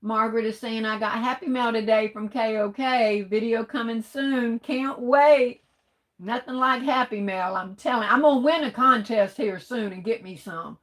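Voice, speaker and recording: A woman's voice: fairly high pitch, moderate pace, fairly bright tone, low-quality recording. A woman hosts a casual livestream, reading viewer comments aloud and greeting each one affectionately as baby and honey. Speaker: livestream host.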